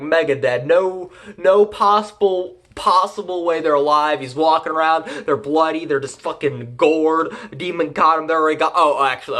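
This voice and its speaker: A man's voice: on the high side, a bit bright. A young man recapping an anime in a casual, rambling and crude manner, joking as he goes. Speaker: anime reviewer.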